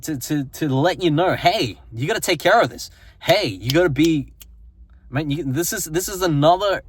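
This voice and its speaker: A man's voice: fairly high pitch, slightly rough. A man giving a motivational self-help talk, earnest and repetitive, often tagging his points with "right?". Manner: earnest, repeats phrases and tags lines with "right?".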